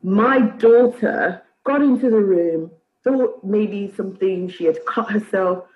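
A woman's voice: medium pitch, slow pace, narrow, tinny audio. A woman in her thirties from Nigeria, a podcast guest chatting casually and telling stories with frequent laughter. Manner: laughs often, lively storytelling. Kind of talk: casual interview chat.

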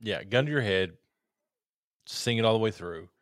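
Tipsy male co-host, low voice, rambling profane banter, dry close sound. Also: animated, moderate pace, fairly bright tone, no echo. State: tipsy from drinking. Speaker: podcast co-host. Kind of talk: casual chat.

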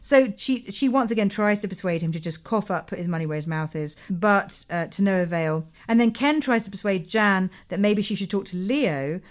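A woman telling an episode recap to a co-host. She talks in a loose storytelling way and breaks into giggles often. Her voice sits at a middling pitch. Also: expressive, moderate pace, few pauses. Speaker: podcast co-host. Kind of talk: casual chat recapping a TV episode.

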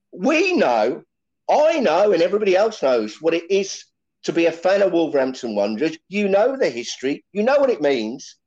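A man rambling through his points as a fan panelist, his pitch swinging widely. The audio is dull and lo-fi. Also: darkish tone. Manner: rambling, many fillers like "you know, look". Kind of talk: fan chat.

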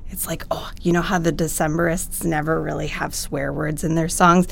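A woman's voice: sits low, flat delivery, moderate pace, creaky, slight background noise. A woman co-hosting a podcast, chatting casually in a playful, giggly way. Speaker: podcast co-host. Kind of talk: casual chat.

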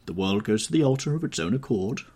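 A man's voice: on the low side, very animated, quick pace, darkish tone, breathy edge. A man reading a languid cynical aristocrat. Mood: amused. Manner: drawling, amused, epigrammatic.

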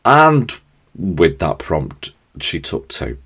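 A man with an extremely low, deep voice tells travel stories on his podcast. He rambles cheerfully, pokes fun at himself and jumps up in pitch and volume when something excites him. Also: moderate pace. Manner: chatty, rambling, self-deprecating, with animated jumps in pitch and volume. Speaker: podcast host. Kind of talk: casual storytelling monologue.

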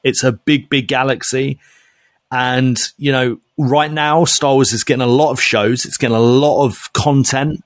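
A man co-hosting a podcast in casual chat, animated and laughing often. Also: mid-range voice, moderate pace, no echo, studio quality. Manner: animated, laughs often, drifts into silly voices. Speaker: podcast co-host.

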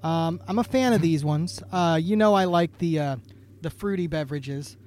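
A man's voice: on the high side, moderate pace, darkish tone. A man from Idaho co-hosting a podcast, chatting casually and joking, with many ums and restarts. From Idaho, USA. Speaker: podcast co-host. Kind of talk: casual chat.

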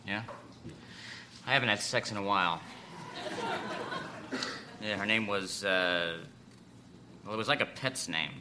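A man's voice: on the low side, measured pace, long pauses, close to an everyday voice. A man playing a rude, rambling boss, noisy recording. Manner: blunt, rambling, drags out words. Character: rude scatterbrained middle-aged male boss. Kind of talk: comedy sketch acting.

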